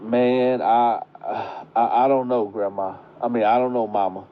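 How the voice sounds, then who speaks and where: A man's voice: medium pitch, fairly even intonation, a little slow, slight background noise, close to an everyday voice. A man doing a stammering scared girl. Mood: nervous. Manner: hesitant, stammering. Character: scared young woman confessing to her mother. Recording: muffled lo-fi recording.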